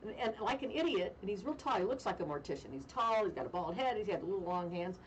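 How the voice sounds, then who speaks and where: A woman radio host telling a funny story in casual chat, animated and self-mocking, with deadpan jokes. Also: medium pitch, fast, recorded from a distance, background noise. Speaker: radio talk show host.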